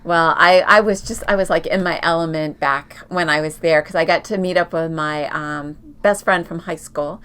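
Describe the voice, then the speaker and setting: A woman's voice: low-pitched, steady tone, normal speed, hardly any pauses, a bit bright, clean tone. A middle-aged woman co-hosting a casual quilting chat, telling long travel stories with lots of fillers and restarts. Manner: chatty storyteller, many fillers and restarts. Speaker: quilting podcast co-host.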